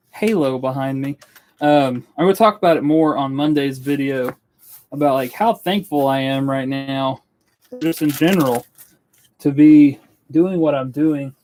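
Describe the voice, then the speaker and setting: A man's voice: medium pitch, a little mellow. A young man from Western North Carolina chatting casually to viewers on a live stream in his studio, rambling and earnest. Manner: rambling, earnest, self-interrupting. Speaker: woodworking YouTuber on a live stream. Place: indoor studio workspace.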